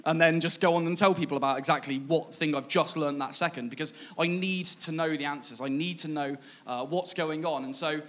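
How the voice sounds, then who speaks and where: A man giving a casual, humorous sermon, laughing and growing excited as he jokes with the congregation. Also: on the high side, a little fast, few pauses. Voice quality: playful, laughing, rising excitement when amused. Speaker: preacher.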